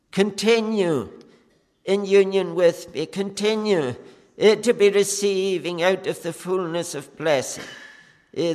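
Male preacher, earnest pleading sermon delivery, unhurried, long reverb from a church hall. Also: high-pitched.

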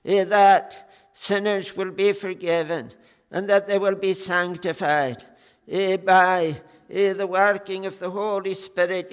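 Slow earnest preacher in a reverberant hall. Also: male voice, sits high, little pitch movement, clean tone. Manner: slow, earnest, with frequent "eh" pauses and fervent "oh" appeals. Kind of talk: sermon.

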